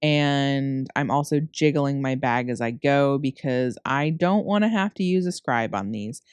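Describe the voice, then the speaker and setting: A woman's voice: rumbling low, unhurried, a little mellow, clean tone, no room sound. Chatty tired woman, dry close mic. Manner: chatty, rambling, self-correcting, laughs at herself. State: tired and sleepy, recording late at night. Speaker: cookie decorator narrating her tutorial. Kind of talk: casual voice-over tutorial. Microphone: close microphone.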